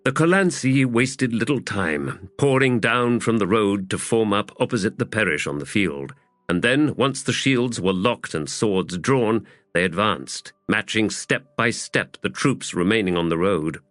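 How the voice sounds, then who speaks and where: A man narrating an audiobook in a measured, expressive storytelling manner. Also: on the low side, no echo, soft background music. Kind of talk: scripted narration.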